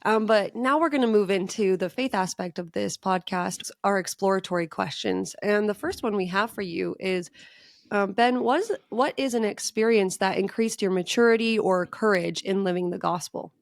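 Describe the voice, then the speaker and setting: A woman's voice: medium pitch, normal speed, vocal fry, no room sound, clean studio sound. A woman hosting a faith podcast, asking questions and responding with effusive enthusiasm. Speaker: podcast host.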